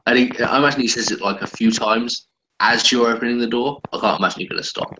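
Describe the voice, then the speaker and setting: A man's voice: medium pitch, quick pace, sharp tone, slight background noise, low-quality recording. A man playing in a tabletop game, asking hesitant questions full of fillers. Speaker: player. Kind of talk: casual tabletop role-play.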